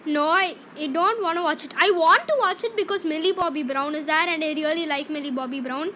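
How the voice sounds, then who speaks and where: A young female host chatting while playing a game with a friend, excitable and goofy. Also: sits high, a little fast, slight background noise. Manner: excitable, goofy, shrieks when losing. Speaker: gaming channel host.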